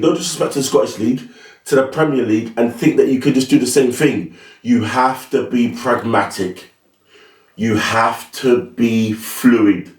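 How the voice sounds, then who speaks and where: A man's voice: mid-range voice, darkish tone. A man giving blunt, opinionated, slangy football commentary as host of his own channel. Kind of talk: casual solo commentary. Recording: roomy, mic at a distance.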